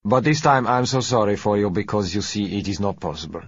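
A man voicing a smooth, polite South American businessman who speaks gently and unhurriedly, in a dull lo-fi recording. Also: fairly low pitch, animated, quick pace. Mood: suave.

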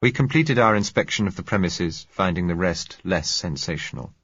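A man narrates an audiobook in a measured, dryly wry manner. His voice is deep and husky. The recording is dry and slightly lo-fi. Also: lively intonation, a bit bright, no echo.

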